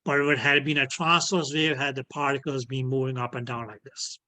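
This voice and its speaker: A man teaching an online physics class, slowly and patiently, filling his speech with "okay" and making small grammar slips. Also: medium pitch, little pitch movement, pushed and bright. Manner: repeats "okay" as filler, non-native grammar slips. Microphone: video call.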